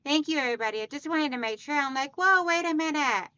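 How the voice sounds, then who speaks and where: Chatty bright-voiced woman hosting a livestream. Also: high voice, fast talker, dry recording, highs cut off. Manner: chatty, greets viewers by name, calls them hon and sweetheart. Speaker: quilting livestream host. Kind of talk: casual livestream chat with viewers.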